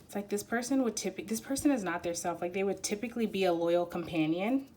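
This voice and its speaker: A woman giving an intuitive card reading, rambling and halting with many fillers and growing emotional as she talks. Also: medium pitch, a little mellow. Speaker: tarot reader. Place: quiet room at home.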